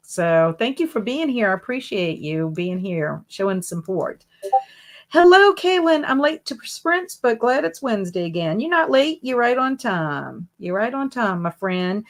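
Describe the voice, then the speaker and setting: A woman hosting a casual reading livestream, reading out viewer comments and greeting each person by name in a friendly way. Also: medium pitch. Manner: friendly, jumps up bright on greetings. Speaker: booktube livestream host.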